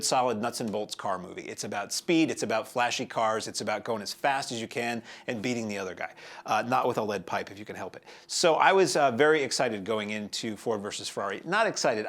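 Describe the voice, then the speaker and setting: A man in his forties hosts a movie review show, chatting casually and wandering off on tangents. He tosses in dry, wry asides as he goes. His voice sits at an ordinary middle pitch. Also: fairly bright tone. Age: 40s. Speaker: film review show host.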